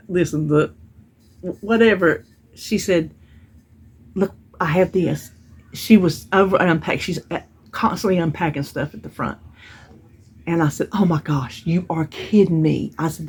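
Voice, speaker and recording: A woman's voice: lowish voice, normal speed, a little mellow, husky. A woman chatting casually at home about items she bought and received in the mail, telling stories as she goes. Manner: chatty, storytelling, Southern-style grammar. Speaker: vlogger. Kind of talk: casual haul chat.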